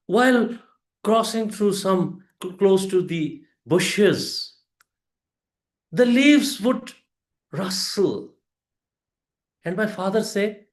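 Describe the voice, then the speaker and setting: A man giving a prepared storytelling speech to a club audience, with a deliberate delivery, pauses and emphatic rises. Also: high-pitched, animated, reverberant.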